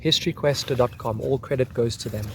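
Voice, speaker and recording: A man's voice: mid-range voice, a little fast, a bit bright, a little hiss or hum. A man hosting a history video, talking casually and reading out a soldier's account. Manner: chatty, repeating "crazy, hey?".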